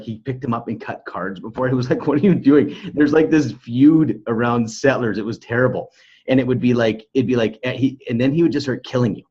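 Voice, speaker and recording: A man's voice: medium pitch, a little mellow, slightly rough, highs cut off. A man hosting a podcast in casual interview chat, laid-back and laughing easily. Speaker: podcast host.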